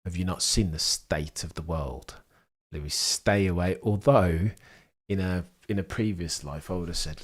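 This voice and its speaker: A young British man hosting a live sports watchalong, chatting with viewers and reacting to the race in a rambling, excitable way. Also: sits low, moderate pace, vocal fry, husky. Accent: British English. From England. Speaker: livestream host. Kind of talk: live sports watchalong commentary, reading chat.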